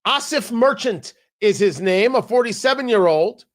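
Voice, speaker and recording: Male talk show host doing a political rant, sarcastic and jokey, voice goes high and swings all over. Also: lively intonation, normal speed. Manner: sarcastic, emphatic, jokey asides. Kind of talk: political commentary monologue.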